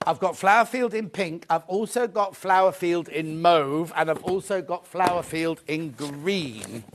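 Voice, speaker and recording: A man hosting a live shopping show, chatty and excitable, often repeating his phrases. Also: on the high side, measured pace, noisy background. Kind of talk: live sales presentation.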